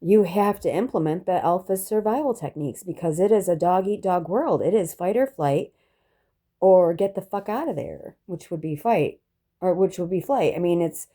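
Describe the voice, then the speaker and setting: A woman's voice: lowish voice, warm tone. A woman telling a personal story in a rambling, reflective monologue, restarting often and dropping profane asides.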